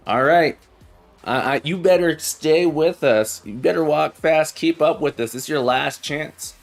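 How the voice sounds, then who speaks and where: An angry, hurried father tomato, played by a man in a raised, brusque voice. He scolds and warns his small son to keep pace. It sounds like a comic bit in a storytelling joke, with faint music behind. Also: fairly high pitch, creaky, voice pushed up. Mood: impatient. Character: impatient gruff papa tomato, big and angry.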